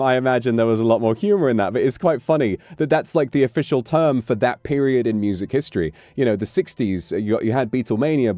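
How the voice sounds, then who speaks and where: A man's voice: fairly low pitch, mellow, no echo. A British man chatting casually on a livestream, rambling and amused, with offhand swearing. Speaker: streamer.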